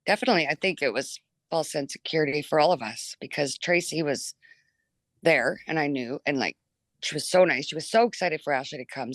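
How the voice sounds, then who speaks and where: A woman's voice: low-pitched, no echo. Chatty mother, dry sound. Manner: chatty and animated, full of 'like' and acted-out quotes. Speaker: interview guest, mother. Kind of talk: emotional personal recollection.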